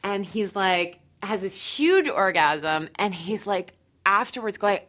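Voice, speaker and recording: A young woman telling a personal story to the camera with a wry, deadpan manner. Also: medium pitch, takes it slowly. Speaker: interviewee.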